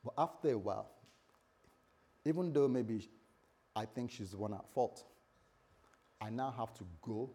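Male pastor, husky voice, conversational sermon with lots of restarts and acted-out dialogue. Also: medium pitch, expressive, a little slow, pauses often, warm tone.

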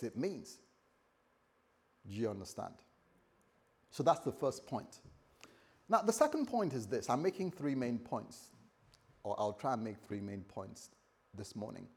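Male pastor, mid-pitched, husky, animated sermon delivery with big loud-soft swings. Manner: lively, repetitive preaching with sudden loud and soft turns.

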